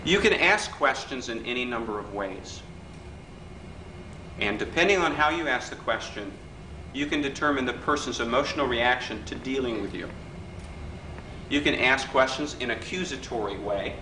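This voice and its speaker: A man's voice: medium pitch, moderate pace, recorded from a distance. A man leading a live workshop, talking conversationally and often checking whether the audience agrees. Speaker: workshop leader. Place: hotel function room. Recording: echoey room recording from afar, faint hiss.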